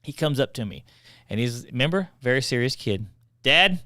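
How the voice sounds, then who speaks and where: A middle-aged man, a podcast co-host telling funny family stories in a chatty, animated way. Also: medium pitch, fairly quick, no echo, clean studio sound. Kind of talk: casual storytelling.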